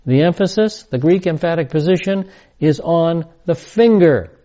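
A man giving verse-by-verse Bible teaching, reading scripture aloud and slowing down to stress key words. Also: a little high, lively intonation, mellow, dull audio.

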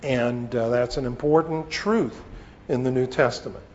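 A man teaching a sermon on scripture, with a slow, deliberate delivery and pauses. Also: mid-range voice, a little hiss or hum. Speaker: preacher. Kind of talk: expository Bible teaching. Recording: long reverb, dull lo-fi sound.

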